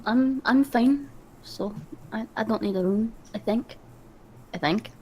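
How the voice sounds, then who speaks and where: Slow-talking woman playing a tabletop game. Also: fairly high pitch, warm tone, a little hiss or hum, poor audio. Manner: slow, laughing, swears casually. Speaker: player. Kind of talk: tabletop role-play chat.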